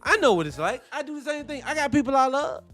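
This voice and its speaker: High-voiced preachy male show host. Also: very animated, quick pace, fairly bright tone, faint music behind. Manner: preachy, blunt, profane street talk. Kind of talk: impassioned monologue.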